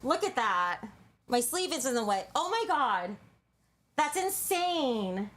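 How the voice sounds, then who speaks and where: A woman's voice: high voice, very animated, takes it slowly, a bit bright. A woman hosting a casual livestream, talking to her chat in a crude, joking, bubbly way, sometimes out of breath. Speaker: livestream host.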